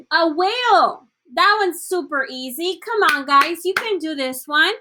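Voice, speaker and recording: Slow, bright-voiced woman teaching a class. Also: very high voice, expressive. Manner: encouraging, praising students by name; slips between English and Spanish. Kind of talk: online class lesson.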